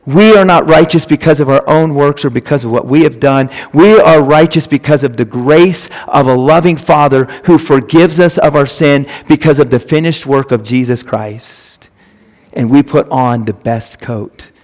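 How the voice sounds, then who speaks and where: A man's voice: mid-range voice, normal speed, darkish tone. Man preaching in a reverberant church. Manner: emphatic, repeats phrases for stress. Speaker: pastor. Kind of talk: sermon. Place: church sanctuary. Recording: long reverb of a church hall.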